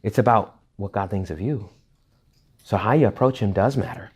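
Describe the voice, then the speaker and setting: A man, a Catholic priest, giving a retreat talk to young adults in a blunt, jokey, animated way. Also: fairly low pitch, normal speed, slightly rough. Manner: animated, jokey, acts out quoted voices; blunt and emphatic.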